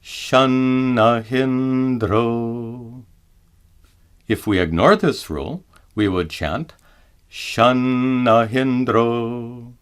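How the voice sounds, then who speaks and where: A man teaching Vedic pronunciation in a measured, scripted lesson, chanting his examples slowly and drawn out. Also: deep voice. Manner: slow and deliberate, chants examples in drawn-out tones.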